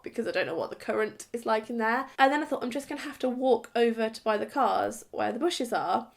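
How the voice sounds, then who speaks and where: A woman's voice: a little high, creaky. Giggly chatty woman vlogger. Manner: giggly, chatty, self-mocking. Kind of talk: casual storytime chat to camera.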